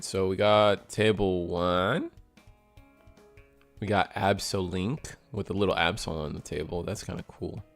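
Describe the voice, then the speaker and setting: A man hosting a store card game tournament stream, giving chatty, excitable play-by-play commentary to his chat. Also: sits low. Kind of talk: casual livestream play-by-play commentary.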